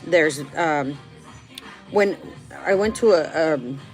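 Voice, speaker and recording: A woman's voice: low-pitched, takes it slowly, faint music behind, rough recording. A middle-aged woman talking candidly and emotionally to her viewers, answering their questions in a rambling way. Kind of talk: casual heartfelt talk to viewers.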